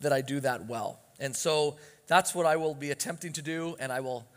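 A pastor with a voice on the high side, speaking at normal speed, preaches earnestly and emphatically to his church. His voice rises with urgency on key points, carrying the long reverb of a church hall.

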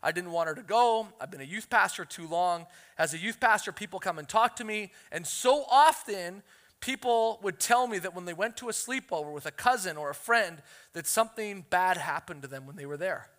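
Male pastor preaching with a high, bright voice and animated storytelling, booming hall reverb. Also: brisk. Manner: animated storytelling, acts out quotes. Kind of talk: sermon.

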